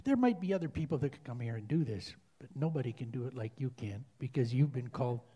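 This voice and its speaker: A man leading an earnest spoken prayer in church, halting and repeating himself as he speaks. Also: medium pitch, expressive, mellow, husky.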